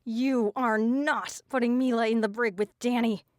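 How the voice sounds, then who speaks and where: A woman voices a usually gentle teen girl, now frantic and furious in a storybook fight. Her shrill, high voice strains upward but keeps a smooth, dry sound. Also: normal speed, dry recording, close to an everyday voice. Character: soft-spoken teen girl, frantic and shouting.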